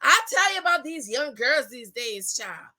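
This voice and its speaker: Woman, 40s, recap host, sassy and emphatic, very bright tone. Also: high-pitched, big pitch swings, normal speed. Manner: sassy and emphatic, calls viewers "girl". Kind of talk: casual commentary, talking to camera.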